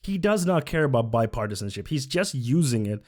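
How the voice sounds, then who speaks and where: A man's voice: mid-range voice, big pitch swings, a little fast. A man reacting to a political clip in casual commentary, sarcastic, mocking and profane.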